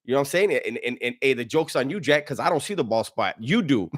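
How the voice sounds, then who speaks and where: A man's voice: medium pitch, animated, quick pace, hardly any pauses. Slangy man hosting a livestream. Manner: slangy, laughs often, stumbles and restarts. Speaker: livestream host reading chat. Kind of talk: casual livestream chat.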